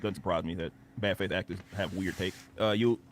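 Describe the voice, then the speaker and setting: A man's voice: deep voice, fairly even intonation, a little fast, a little hiss or hum. A man on a livestream, ranting heatedly with lots of profanity and repeated phrases. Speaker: streamer.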